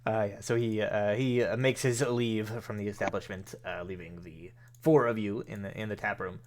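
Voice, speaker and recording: A man's voice: fairly low pitch, fairly even intonation, moderate pace, a little hiss or hum. A man narrating as game master of a tabletop game, hesitant and full of fillers.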